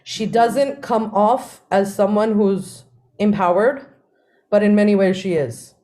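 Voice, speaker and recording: A woman, co-hosting a podcast and telling family stories in a lively way, often laughing. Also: mid-range voice, slow pace. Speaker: podcast co-host. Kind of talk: casual storytelling.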